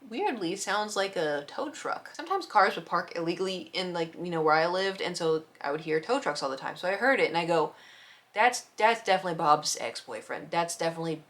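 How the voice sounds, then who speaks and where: A young woman casually telling a neighbor story, acting out quotes and sound effects in a chatty, animated way. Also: lowish voice, fairly quick.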